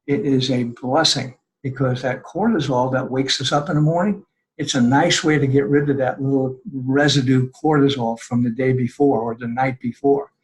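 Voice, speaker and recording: An older man speaking as a podcast guest, giving earnest, conversational advice and acting out people's words in lively voices. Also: mid-range voice, rough recording.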